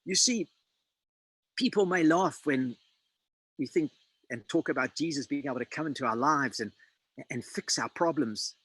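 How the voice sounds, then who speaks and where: A man preaching a sermon, dramatic and emphatic, quoting scripture with slow pauses. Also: mid-range voice, a bit bright, breathy edge, no room sound, low-quality recording.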